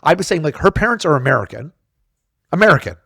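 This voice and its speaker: A man's voice: on the high side, very animated, fast, creaky, bright, forceful tone, slightly rough, dry recording, clean studio sound. A man in casual chat, blunt and swearing, with many restarts and repeated words. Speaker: podcast co-host.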